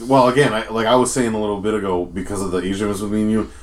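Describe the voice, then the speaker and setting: Rambling low-voiced Rhode Island podcast host. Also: male voice, level tone, rapid-fire. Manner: profane, rambling, with many fillers. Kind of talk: casual podcast chat.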